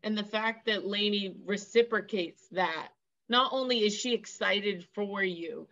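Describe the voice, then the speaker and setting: A woman's voice: mid-range voice, unhurried, a bit bright, lo-fi sound. A woman hosting a podcast interview who talks with enthusiasm and sums up her guest's points for listeners. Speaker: podcast host. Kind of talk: casual interview talk.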